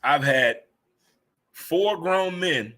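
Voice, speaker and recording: A man's voice: a little high, expressive, extremely slow, pushed and bright. A man in his fifties hosting a casual live chat show, joking and laughing easily as he talks. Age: 50s. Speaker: host.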